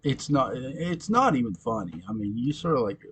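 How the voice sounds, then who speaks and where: A man's voice: mid-range voice, animated, moderate pace, few pauses, slight background noise. Giggly man rambling through a fan recap. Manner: giggly, rambling, frequent laughter and self-corrections. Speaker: fan commentator recapping episodes.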